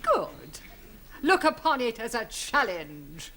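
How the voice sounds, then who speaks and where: An actress playing a bossy, prim headmistress in a 1970s studio sitcom, clipped and commanding. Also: female voice, on the high side, very animated, slow, bright, forceful tone, slight background noise, heavily acted. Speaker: school principal.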